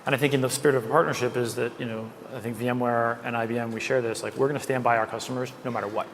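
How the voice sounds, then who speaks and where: A man's voice: mid-range voice, fairly even intonation, racing, fairly bright tone, in a large hall, a little hiss or hum. A man hosting a panel interview, upbeat and conversational, asking questions and adding his own views. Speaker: host and interviewer.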